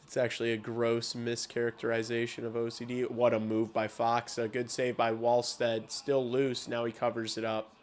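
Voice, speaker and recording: A man streaming live as he watches hockey, chatting bluntly and profanely with his viewers and now and then working up into loud rants. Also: medium pitch, monotone, moderate pace, few pauses, slight background noise.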